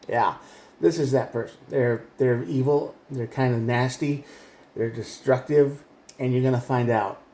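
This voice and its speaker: A man's voice: medium pitch, steady tone, measured pace, darkish tone, reverberant. A man giving a rambling, emphatic tarot reading, often restarting his sentences. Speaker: tarot reader.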